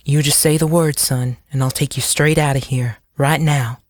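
A grim, gray-haired small-town lawman, as a woman narrator plays him in a storybook reading. He speaks low and firm, recorded close and dry. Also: steady tone, moderate pace, no room sound.

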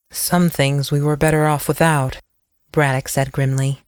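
A woman narrating an audiobook in a measured, even storytelling manner. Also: deep voice, clear, resonant tone, dry recording, clean studio sound.

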